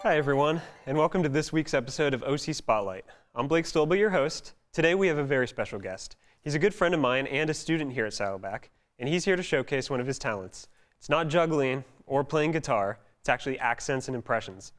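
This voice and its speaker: A man's voice: medium pitch, lively intonation, a little fast. A young man hosting a student talk show, upbeat, with scripted intros and questions. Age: young adult.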